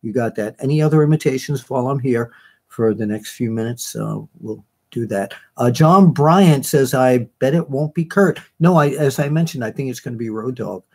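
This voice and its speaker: A man's voice: medium pitch, normal speed, a little mellow, breathy edge. A man hosting a live online show, chatting casually and reading out viewer comments in a rambling way, with many fillers and self-corrections.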